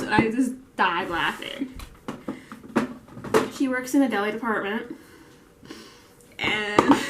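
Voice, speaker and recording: A woman's voice: fairly high pitch, roomy sound, background noise. A woman telling rambling work stories while doing her makeup, full of restarts and fillers. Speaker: vlogger; bakery store worker. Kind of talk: get-ready-with-me chat while doing makeup.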